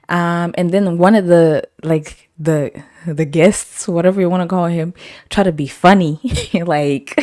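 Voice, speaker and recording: In a clean, dry studio recording, a young woman with a fairly low voice talks at normal speed. As a podcast host telling casual stories, she's animated, laughs a lot, and acts out others' words.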